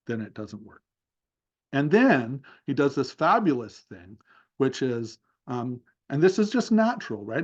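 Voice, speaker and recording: A man's voice: medium pitch, a little mellow, husky, lo-fi sound. A man giving a seminar talk over a video call, thoughtfully narrating a session step by step with many fillers. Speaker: seminar speaker.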